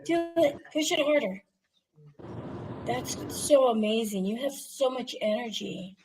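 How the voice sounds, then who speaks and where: A woman in her thirties on a ghost hunt, pleading and coaxing an unseen spirit, excitable and quick to gasp. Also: fairly high pitch. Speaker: paranormal investigator. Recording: noisy field recording.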